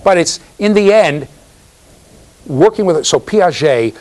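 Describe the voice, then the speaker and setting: A university lecturer with a fairly high-pitched voice speaks unhurriedly in a conversational classroom talk. He tells stories, checks in with his students, and animatedly acts out the voices of the people he quotes.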